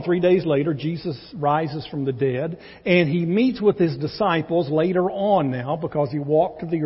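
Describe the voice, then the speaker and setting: Male pastor, Texan accent, slightly high voice, husky tone, echoey church, dull recording. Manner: conversational teaching, acts out quoted dialogue. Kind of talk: sermon. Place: church sanctuary.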